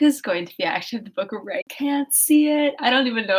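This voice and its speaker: A young woman with a bright, high voice, chatting in a bubbly, giggly way and reading aloud from a classic novel. Her talk is loose and full of fillers, friendly and eager. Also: animated, moderate pace. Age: young adult. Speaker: audiobook reader. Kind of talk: casual chat and reading aloud.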